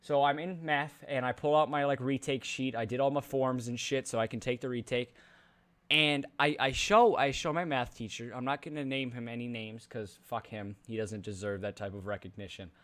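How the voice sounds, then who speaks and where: A man's voice: medium pitch, fairly even intonation, moderate pace, a bit bright. A teenage boy venting in an angry rant about school, profane and exasperated, often stumbling over his words and restarting. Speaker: student venting on a vlog.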